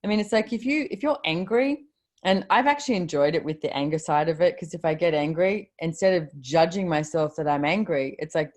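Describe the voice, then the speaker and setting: A woman with a low voice talks casually and gives motivational advice over a video call. She is chatty and offhand, quotes her own thoughts aloud and lets a swear word slip. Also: expressive, fairly quick, darkish tone. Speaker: host of a live video call.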